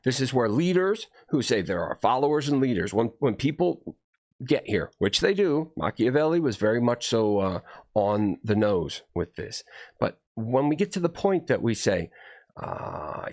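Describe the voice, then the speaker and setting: Brief: solo video host, rambling profane rant, raspy low fry, very animated delivery. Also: male voice, moderate pace. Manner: profane, heated, swings between low mutters and raised outbursts. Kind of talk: rambling ranting monologue.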